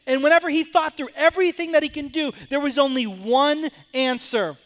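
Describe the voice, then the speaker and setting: A man preaching a sermon as pastor, moving between quiet, intense passages and rising, emphatic questions. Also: extremely high pitch, a little fast, hardly any pauses.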